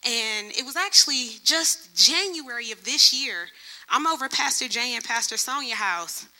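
Young woman preaching a testimony sermon, high and very bright, animated storyteller. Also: normal speed. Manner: lively storytelling, acts out other people's voices. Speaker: church speaker.

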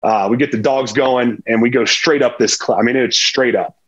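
A man's voice: medium pitch, normal speed, husky, dull audio. A man, a former pro football player, telling a hunting story as a podcast guest, acting out the dialogue. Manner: animated, tells a hunting story with lively quoted dialogue. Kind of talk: casual storytelling interview.

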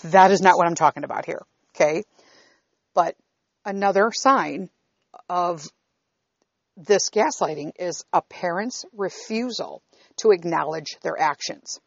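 A woman's voice: on the low side, a little slow, vocal fry, pauses often, no room sound. A middle-aged woman telling a personal story in a blunt, profane, candid way, often checking in with her listeners. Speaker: vlogger. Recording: dull, slightly lo-fi recording.

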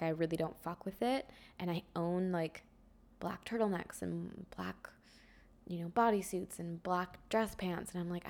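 A young woman hosting her own podcast, musing in a rambling, reflective way with many fillers and soft trailing phrases. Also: on the low side. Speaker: podcast host. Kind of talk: casual solo podcast chat.

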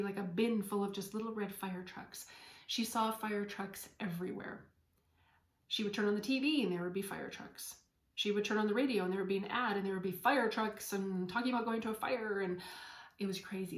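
A woman hosting a spiritual podcast, speaking gently in a storytelling way and sometimes dropping to a whisper. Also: medium pitch, steady tone, a little fast, roomy sound. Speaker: podcast host and medium.

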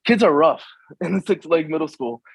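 A young man from the Washington, DC suburbs, a guest in a casual conversation, speaking haltingly and full of fillers and restarts. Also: fairly high pitch, animated, vocal fry, slight background noise, poor audio.

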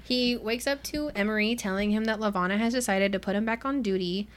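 A young woman co-hosting a podcast, recapping a novel in casual chat and acting out the characters' lines with quick laughs. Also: medium pitch. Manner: chatty recap with acted-out quotes and frequent laughs. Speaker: podcast co-host. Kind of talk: casual book-club chat.

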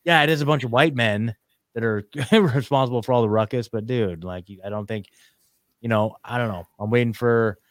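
A man's voice: mid-range voice, normal speed, no echo, studio quality. A man in casual podcast chat, ranting emphatically and calling out to listeners.

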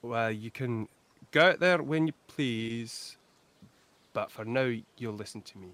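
A man's voice: medium pitch, unhurried, fairly bright tone, lightly acted. A man voicing a stern, tightly controlled woman who runs a mine, speaking in a clipped, commanding way. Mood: curt.

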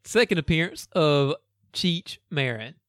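A man's voice: fairly high pitch, animated, unhurried, fairly bright tone, dry recording, clean studio sound. A man co-hosting a casual movie podcast, joking and riffing on scenes. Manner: jokey, riffs on scenes. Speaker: podcast co-host. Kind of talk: casual movie recap chat.

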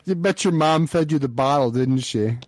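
A man's voice: on the high side, normal speed. A man making a prank call, mocking and taunting the person on the line. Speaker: prank caller.

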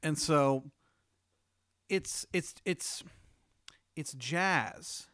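A man improvising an absurd comedic scenario, rambling and halting with lots of restarts. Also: a little high, a bit bright, no room sound, clean studio sound. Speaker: host telling a hypothetical.

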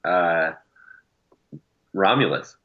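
A man's voice: deep voice, expressive, very slow, phone-quality sound. A man co-hosting a casual sports podcast, agreeable and chatty. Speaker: podcast co-host.

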